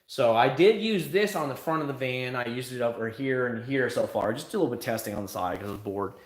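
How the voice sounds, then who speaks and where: A man hosting a casual livestream, talking freely and answering viewers' questions in an animated way, outdoors by his van. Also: mid-range voice, fast, roomy sound. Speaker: livestream host.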